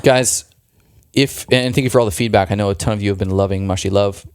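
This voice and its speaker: A man's voice: lowish voice, steady tone, fast, clear, resonant tone, no room sound, clean studio sound. A man co-hosting a podcast, chatting enthusiastically about a product, with frequent restarts. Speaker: podcast co-host. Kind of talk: casual product pitch in a podcast chat.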